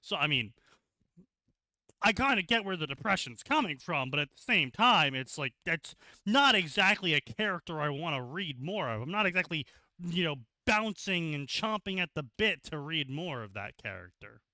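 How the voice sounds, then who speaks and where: Bright, lively man in sarcastic commentary. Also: fairly high pitch, moderate pace, dry recording. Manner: sarcastic, rambling, crude. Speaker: co-host reading fanfiction aloud. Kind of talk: casual livestream commentary.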